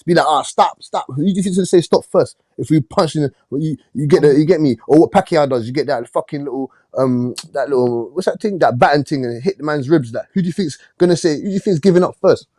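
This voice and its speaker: A man's voice: on the high side, quick pace, hardly any pauses, mellow, no room sound, clean studio sound. A man in a casual boxing debate, insistent, repeating himself and laughing often. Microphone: phone call.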